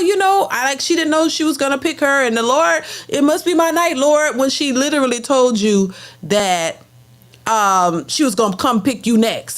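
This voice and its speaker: A woman with a somewhat high voice hosts a reaction show and delivers a casual, opinionated rant. She talks bluntly and with emphasis. She stumbles and repeats words when she gets heated. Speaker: reaction channel host.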